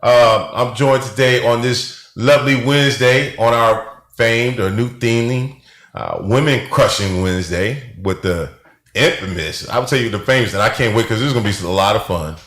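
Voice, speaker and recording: A man's voice: mid-range voice, moderate pace, fairly bright tone, echoey room. A man hosting a radio talk show with upbeat, chatty banter. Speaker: radio host.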